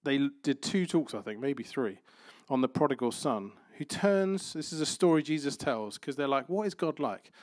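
A man's voice: medium pitch, lively intonation, normal speed, dry recording, clean studio sound. Man preaching a conversational sermon. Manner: conversational preaching with playful everyday examples. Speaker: pastor.

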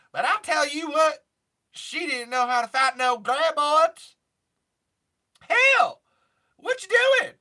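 Guy doing a high twangy country lady, sassy and bossy, loud. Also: heavily acted. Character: brassy Southern country-singer woman, tough, single mom.

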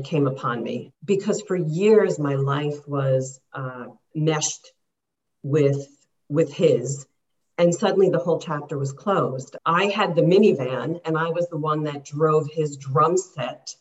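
A woman's voice: low voice, muffled recording. A woman in her fifties, a life coach and interview guest, speaking earnestly and reflectively. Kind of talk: interview answers.

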